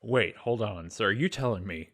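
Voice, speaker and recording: A man's voice: lowish voice, animated, moderate pace, fairly bright tone. A man co-hosting a podcast, chatting casually and reacting with short interjections to his co-host's story. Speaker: podcast co-host. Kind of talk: casual chat.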